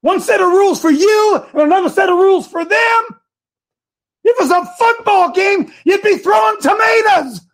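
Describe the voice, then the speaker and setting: A man giving a fiery political speech to a crowd, shouting rhetorical questions. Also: very high voice, moderate pace. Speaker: speaker addressing a crowd.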